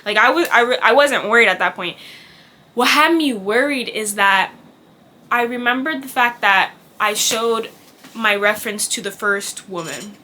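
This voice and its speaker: Speaking at a moderate pace, this young woman has a higher-leaning, bright, forceful voice. She's recounting a casual storytime as a vlogger, frank and talkative, swearing liberally and acting out quoted dialogue.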